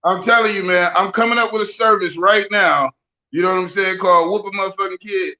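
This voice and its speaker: A bright, high-pitched man in his forties trades profane, joking stories in loose podcast banter. The sound is a little dull and lo-fi. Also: fairly even intonation, a little fast. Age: 40s. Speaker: podcast co-host.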